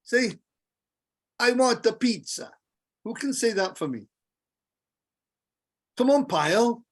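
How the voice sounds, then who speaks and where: Teacher, male, patient and playful, leads a relaxed group class. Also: very high-pitched. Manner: patient, jokey, repeats verses slowly. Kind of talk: casual group lesson.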